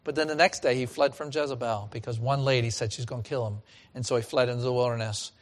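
A man preaching a sermon as pastor, with animated delivery that swings from loud emphasis to hushed asides, often repeating and restarting phrases. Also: mid-range voice, fast.

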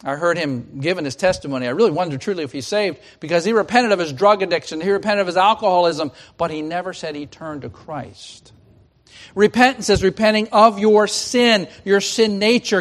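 A man delivers a fervent sermon in a slightly higher-than-average voice. He surges into loud, emphatic declarations, then drops to a hushed, near-whispered appeal, pressing the same questions again and again. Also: expressive, moderate pace. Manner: repetitive pleading questions. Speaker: preacher.

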